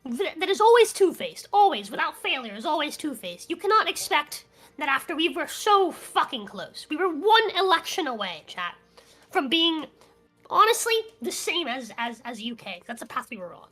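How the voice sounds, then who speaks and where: High, bright-voiced woman ranting heatedly. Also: sing-song, normal speed, faint music behind. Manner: heated and profane, with many restarts. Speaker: co-host of a news talk stream. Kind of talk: casual political chat.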